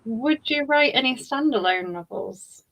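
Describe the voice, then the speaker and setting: A woman's voice: sits high, animated, unhurried, lo-fi sound. A woman hosting a book club interview, asking questions in a friendly, informal way.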